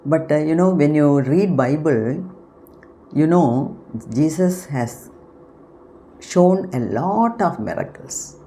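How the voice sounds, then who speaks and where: A woman giving an unscripted spiritual talk as host of her channel, unhurried and explanatory, often pausing to search for words. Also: low-pitched, lively intonation, mellow, a little hiss or hum.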